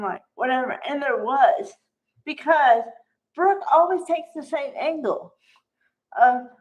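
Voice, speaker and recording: Chatty high-voiced woman recapping a soap. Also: highs cut off. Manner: chatty, animated, acts out quotes. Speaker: soap opera fan recapping an episode. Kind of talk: casual recap chat.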